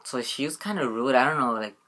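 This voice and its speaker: A man's voice: mid-range voice, fast talker, pushed and bright. Rambling young man vlogging. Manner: rambling, full of "like" and "you know what I mean". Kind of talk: casual storytelling vlog.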